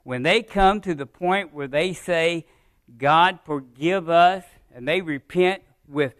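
A man with a slightly high voice delivers a church sermon. He is close to the mic with little room sound, and he explains scripture in a casual, conversational way. His voice swells on emphasized phrases and drops low at the ends of sentences. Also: unhurried, fairly bright tone, no echo. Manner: conversational preaching with asides to the congregation. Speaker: pastor. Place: church sanctuary.

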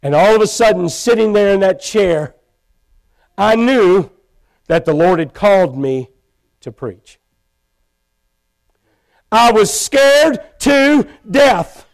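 A man preaching a sermon in a church, telling his own story with feeling and rising to loud pleading. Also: sits high, animated, slow pace, long pauses. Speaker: pastor. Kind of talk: sermon testimony. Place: church sanctuary.

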